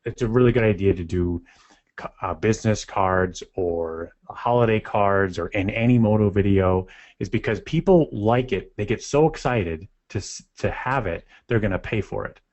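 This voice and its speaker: A man with a fairly low voice explains things in an upbeat way. His audio comes through muffled and lo-fi, as if from a modest mic. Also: moderate pace, darkish tone. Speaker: company representative, co-host. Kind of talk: webinar talk.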